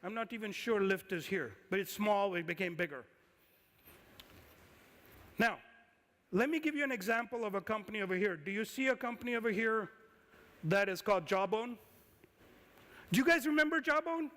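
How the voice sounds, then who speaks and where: A man giving a conference talk as an investor, lively and firing questions at the audience. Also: sits high, normal speed, pauses often. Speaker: conference speaker, angel investor. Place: conference hall. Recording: reverberant hall.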